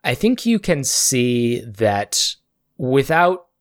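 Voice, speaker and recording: A man's voice: medium pitch, extremely slow, no room sound. Dry-voiced man narrating as game master. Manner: calm, descriptive narration.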